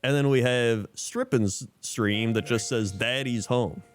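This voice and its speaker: A man's voice: medium pitch, a little slow. A man streaming live in casual chat, reading out usernames and laughing often.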